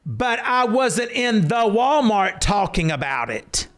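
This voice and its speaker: Telling stories on a casual podcast he co-hosts, a man speaks slowly in a voice that sits high. He's animated throughout and gets to hollering when a story takes off.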